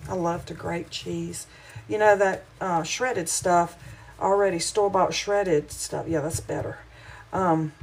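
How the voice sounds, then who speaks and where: A woman's voice: lowish voice, slight background noise, low-quality recording. A middle-aged woman with a Southern American accent, chatting with viewers on a casual cooking livestream, homey and rambling, a little wheezy from hay fever. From Southern United States. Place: home kitchen.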